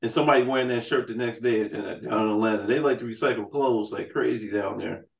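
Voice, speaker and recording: A man's voice: on the low side, fast talker, gravelly, far from the mic, lo-fi sound. Man, podcast host, profane rambling stories, set back from the mic, roomy room. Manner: loose, profane storytelling with frequent "man" and "you know". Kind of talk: casual chat.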